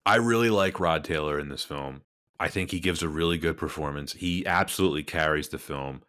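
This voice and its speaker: A man with a very low, deep voice talks films with casual enthusiasm. He is a chatty film buff who hosts his own podcast. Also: brisk, pushed and bright. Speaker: podcast host. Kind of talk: casual film review chat.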